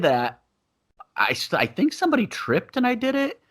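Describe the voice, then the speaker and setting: A man's voice: high-pitched, wildly swooping pitch, normal speed, a bit bright. A man co-hosting a podcast and coaching Muay Thai, talking in a rambling casual way and laughing often. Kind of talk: casual chat. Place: living in Thailand.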